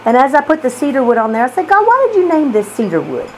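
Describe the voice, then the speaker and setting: A woman's voice: high voice, huge pitch swings, fast, slight background noise, rough recording. A woman preaching a sermon, with emphatic, repetitive phrasing and rhetorical questions to the listeners. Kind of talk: sermon teaching.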